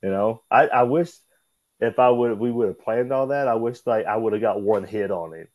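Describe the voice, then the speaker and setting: A man with a lowish voice, a pro wrestler, speaks at a moderate pace while telling backstage stories as an interview guest. Casual and animated, he swears freely, says "brother," and acts out others' remarks loudly. The recording is dry with a lo-fi sound.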